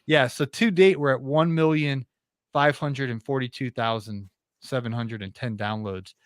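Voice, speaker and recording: A man's voice: medium pitch, moderate pace, no echo. Earnest talkative man, dry close sound. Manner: earnest, talkative, many restarts. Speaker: podcast host, interview guest. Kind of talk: casual interview chat.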